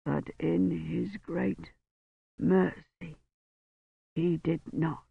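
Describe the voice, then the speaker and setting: A narrator voicing a dying, devout old male priest who murmurs slowly in a weak, slurred voice. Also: a little high, little pitch movement, vocal fry, breathy edge, dry recording, phone-quality sound, full character voice. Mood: faint. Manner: faint slurred murmur, slow and solemn. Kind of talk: audiobook reading.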